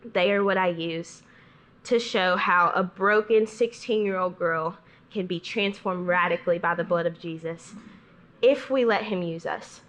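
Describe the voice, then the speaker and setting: A woman's voice: on the low side, unhurried, a bit bright. A young adult woman giving a personal testimony at a church fellowship meeting. She tells her story earnestly and casually, acting out what people said along the way. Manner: earnest storytelling, re-enacting others' words in quotes; casual speech with frequent "um" and "I was like". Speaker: testimony speaker.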